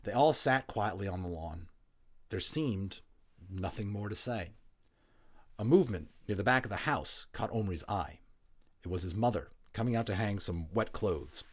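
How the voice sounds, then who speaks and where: A man reading a novel aloud as an audiobook, relaxed, with chatty asides and small slips. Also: on the low side, moderate pace. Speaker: audiobook reader, voice actor.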